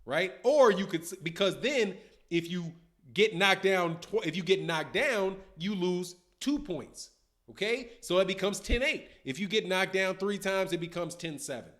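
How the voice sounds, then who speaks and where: 50 yr old guy hosting a boxing stream, high voice, slangy, animated, answering chat. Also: moderate pace. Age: 50s. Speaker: boxing channel host. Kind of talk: casual livestream commentary.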